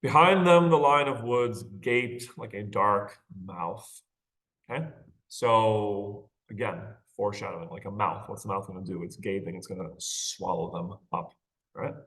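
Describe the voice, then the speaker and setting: A male literature teacher with a fairly bright voice on the low side delivers a casual recorded lecture on a short story. His manner is conversational, with light laughs and rhetorical check-ins like "right?" and "okay?"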